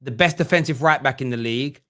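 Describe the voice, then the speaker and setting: A man's voice: medium pitch, fast, pushed and bright. A young man hosting a casual football fan live stream, joking and reading viewers' comments aloud. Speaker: fan channel host.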